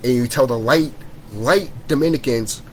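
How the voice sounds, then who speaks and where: A man's voice: mid-range voice, moderate pace, a little hiss or hum, rough recording. A man in a vlog, ranting to his viewers, heated and repetitive, swearing often. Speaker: vlogger. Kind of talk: profane spiritual rant to camera.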